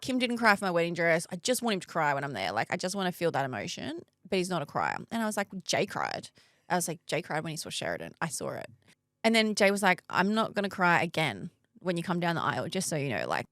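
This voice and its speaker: Lively woman chatting. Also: lowish voice, fast, hardly any pauses, no echo, clean studio sound. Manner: chatty storyteller, laughs often. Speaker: podcast co-host. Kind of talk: casual chat.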